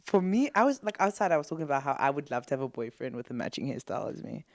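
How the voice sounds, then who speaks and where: Teasing woman with lively laughing talk. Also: low-pitched, no room sound, clean studio sound. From South Africa. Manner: playful, teasing, quick laughs. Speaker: podcast co-host. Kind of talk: casual podcast chat.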